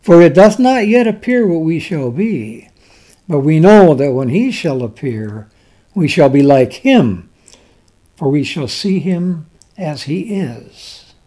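Slow, animated male preacher. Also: fairly high pitch. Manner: slow, dramatic preaching with swells and drops in loudness; reads scripture in old-fashioned wording. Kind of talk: sermon.

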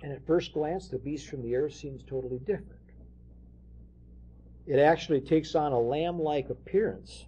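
Husky-voiced man preaching on scripture. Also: medium pitch, dark tone. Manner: explains scripture, reads verses aloud with emphasis. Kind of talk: sermon.

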